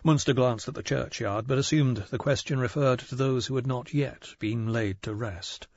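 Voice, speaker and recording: A man narrating a mystery audiobook in a measured, even storytelling manner. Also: medium pitch, no echo, muffled recording. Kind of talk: scripted narration.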